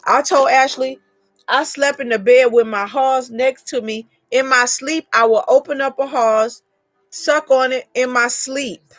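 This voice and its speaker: A woman's voice: high voice, fairly even intonation, measured pace, dry recording. A woman hosting a casual live chat, telling a long personal story in a rambling way and greeting viewers by name.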